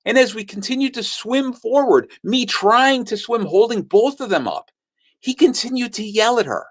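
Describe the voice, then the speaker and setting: The voice is a man's, very high-pitched, moving at normal speed. He's a sales speaker telling a story, animatedly dramatizing the quotes.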